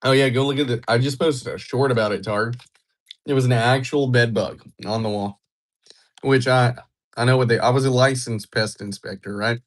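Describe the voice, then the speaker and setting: A young livestreamer from Georgia, USA chats casually with his viewers, laid-back and joking around. His mid-range voice keeps a steady tone at a normal speed.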